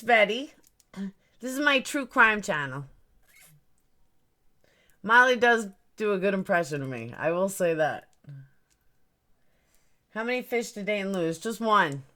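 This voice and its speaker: A woman's voice: medium pitch, bright, forceful tone. A woman hosting a casual livestream, rambling about her stream settings and greeting viewers by name. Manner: puzzled, fiddling with stream settings. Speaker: livestream host.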